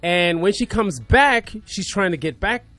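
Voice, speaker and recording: A man telling a personal story as a radio guest, animated, acting out voices, swinging from loud to hushed. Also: high voice, measured pace, soft background music. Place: radio studio.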